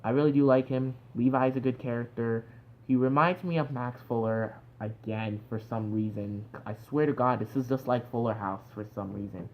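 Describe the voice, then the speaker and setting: A young man giving a casual spoken review, animated and exclamatory, full of "like" fillers. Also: mid-range voice, moderate pace. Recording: dull lo-fi sound with faint background noise.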